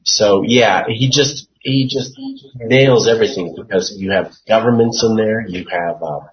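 A man leading an informal Bible study, reading verses and explaining them in an unhurried way, thinking aloud with many fillers and restarts. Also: on the low side, muffled recording, crowd noise.

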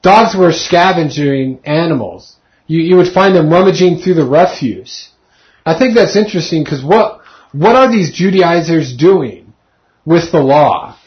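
A man's voice: a little high, expressive, a little slow, lo-fi sound. A man in his thirties casually teaching a Bible study, talking conversationally and asking his group questions.

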